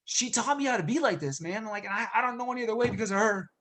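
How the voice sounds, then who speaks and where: A man's voice: high-pitched, lively intonation, fast talker, a bit bright. A man talking as a guest in a casual podcast interview, upbeat and loose, with lots of "dude" and "like". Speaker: gym owner and podcast guest.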